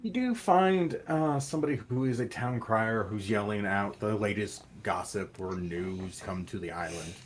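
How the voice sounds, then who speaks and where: A man's voice: fairly low pitch, normal speed, hardly any pauses, a little hiss or hum. A man narrating as game master of a tabletop game, improvising loosely with restarts and asides.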